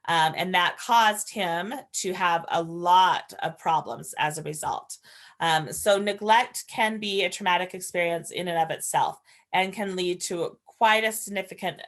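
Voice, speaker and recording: A woman's lowish, slightly bright voice carries an earnest training session for foster parents. She keeps it conversational, walking through ideas and telling stories about life in her home.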